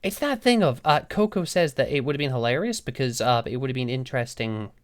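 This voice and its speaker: A woman's voice: a bass voice, brisk, smooth. A woman streamer telling a story to her chat in a casual, sweary way, laughing often. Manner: animated, sweary, frequent laughs.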